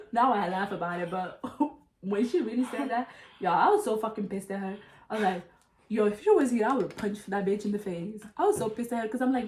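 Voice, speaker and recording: Animated, profane young woman. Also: fairly high pitch, brisk, slight background noise. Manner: animated, profane, addresses listeners as y'all. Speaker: storyteller. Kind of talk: casual chat. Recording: roomy echo.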